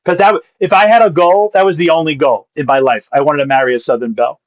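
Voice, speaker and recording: A man from Massachusetts, a pastor and comedian, telling a story as a podcast guest with punchy comic delivery and quick asides. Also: on the high side, fairly even intonation, no echo. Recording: dull, dry sound.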